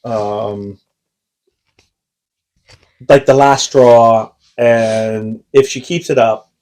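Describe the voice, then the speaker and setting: A man's voice: medium pitch, fairly even intonation, extremely slow, darkish tone, low-quality recording. A man co-hosting a podcast, telling a long anecdote in casual chat, full of fillers and quoted lines. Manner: rambling, filler-heavy storytelling with acted quotes. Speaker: podcast co-host.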